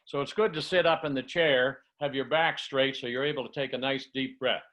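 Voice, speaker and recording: A man's voice: mid-range voice, steady tone, a little fast, a bit bright, muffled recording. An older man on a video call who is coaching a workshop group, demonstrating tongue twisters in one breath and explaining each one like a story. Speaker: communication coach. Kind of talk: online workshop teaching.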